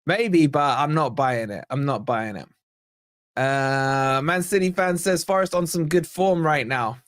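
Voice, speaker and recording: A man's voice: a little high, unhurried, dry recording, clean studio sound. A man hosting a live football fan stream, chatting and reading viewer comments aloud. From England. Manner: reads viewer chat aloud, chatty and excitable. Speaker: fan channel host. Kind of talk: live stream watch-along chat.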